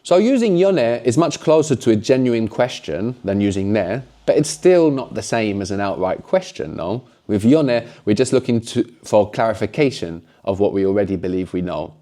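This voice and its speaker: A man's voice: lowish voice, very animated, normal speed, few pauses, warm tone. A man teaching a language lesson, explaining patiently and often closing points with a questioning "no?".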